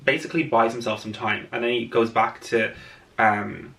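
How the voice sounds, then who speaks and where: A man's voice: medium pitch, steady tone, normal speed, creaky, fairly bright tone, distant mic. A man chatting casually through a film analysis vlog, rambling with lots of filler words, recorded indoors late at night. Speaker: video essayist.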